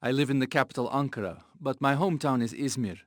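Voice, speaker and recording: A man's voice: mid-range voice, fast talker, dry recording, clean studio sound, close to an everyday voice. A man voicing a friendly young Turkish computer programmer in a scripted textbook dialogue, matter-of-fact.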